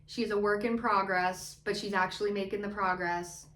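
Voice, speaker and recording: A woman's voice: medium pitch, fairly even intonation, normal speed, a bit bright, slight background noise. Hyped chatty woman recapping reality TV. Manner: hyped, chatty and playful, cheering people on. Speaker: YouTube recap host. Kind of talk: casual reality TV recap commentary. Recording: echoey room.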